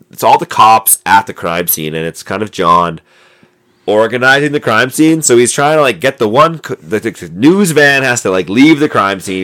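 Heard through a noisy amateur mic, this male podcast co-host has a voice on the low side with a fairly bright tone. He chats casually about a movie, rambling and full of fillers and restarts.

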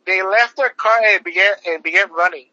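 High-voiced man, rambling profane chat. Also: fairly quick, bright, forceful tone, dry recording. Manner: rambling, swears often, lots of fillers. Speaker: podcast co-host. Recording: dull lo-fi sound.

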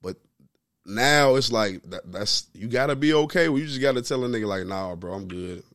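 A man's voice: mid-range voice, a little fast, a bit bright, no echo, clean studio sound. A man in his thirties co-hosting a podcast, telling a story in casual chat, full of slang and repeating "you know what I'm saying". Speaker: podcast co-host.

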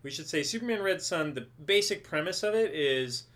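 A woman's voice: low-pitched, expressive, brisk, fairly bright tone. A woman co-hosting a comics podcast in casual, teasing chat, laughing often. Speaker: podcast co-host.

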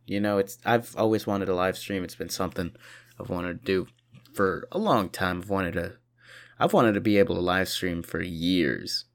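A young man hosting a solo podcast, rambling and swearing, with sudden loud mock-indignant bursts. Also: deep voice, fairly even intonation, moderate pace. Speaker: podcast host. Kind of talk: solo comedic rant.

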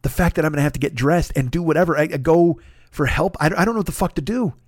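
A podcast host, a man, telling a comic personal story in a profane, animated way, dropping to a hush for re-enactments and rising in exasperation. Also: a little high, fast talker, dry recording, clean studio sound. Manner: profane, animated, swings between hushed re-enactment and loud exasperation.

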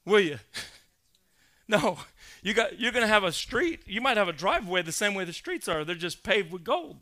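A male pastor preaching a sermon, emphatic, building to loud, insistent peaks and quizzing his congregation. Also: sits high, lively intonation, normal speed.

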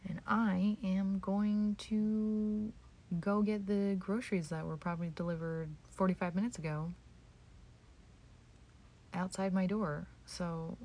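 Speaking from home with a medium-pitched, slightly mellow voice touched by vocal fry, a woman runs her solo podcast indoors. Her talk is frank and self-mocking, laced with swearing, with occasional dips into a whisper.

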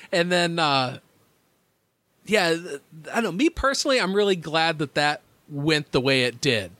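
Bright, lively man on a podcast. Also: a little high, measured pace, dry recording. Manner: laughs often, swears freely. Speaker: podcast co-host. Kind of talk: casual chat.

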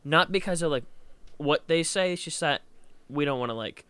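A man's voice: on the high side, normal speed, fairly bright tone, clean tone, no room sound. A man co-hosting a casual chat, hesitant and rambling, often restarting and laughing. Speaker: podcast co-host.

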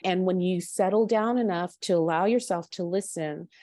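A woman coach and mediator, a podcast guest, talking earnestly and gently as she guides the listener. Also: on the low side, moderate pace, no echo, clean studio sound. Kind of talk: podcast interview.

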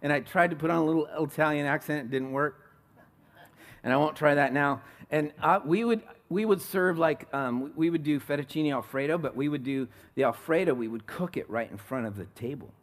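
A middle-aged male pastor from California delivers a sermon in an easy, conversational way. He mixes personal stories with rhetorical questions to the congregation. His speaking voice sits a little high for a man. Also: fairly quick.

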